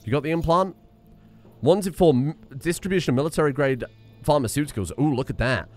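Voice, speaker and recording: A man's voice: fairly high pitch, a little fast, darkish tone, soft background music. A man streaming a video game, rambling and self-mocking, swearing casually as he goes. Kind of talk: casual gameplay commentary.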